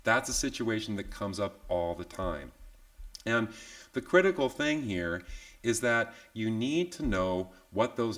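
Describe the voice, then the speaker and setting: A man with a slightly low voice walks viewers through a live online software tutorial. He talks in an easy, conversational way, tossing in "yeah?" checks and little jokes at his own expense. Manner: relaxed, chatty, tag questions like "yeah?"; self-deprecating asides. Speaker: software instructor.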